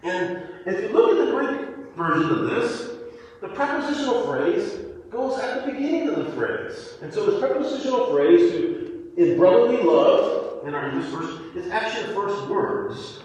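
A high-voiced male preacher teaches with a lively, swooping delivery, restarting and repeating words as he explains. He is heard from a distance in a large church hall with a long, roomy echo. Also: normal speed. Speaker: pastor. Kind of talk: sermon. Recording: echoey hall, voice from far off the mic.

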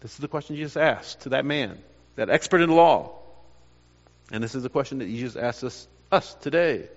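A man's voice: mid-range voice, lively intonation, moderate pace, long reverb tail, lo-fi sound. A man preaching a sermon, earnest, often repeating words and restarting phrases as he presses his point. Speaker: pastor.

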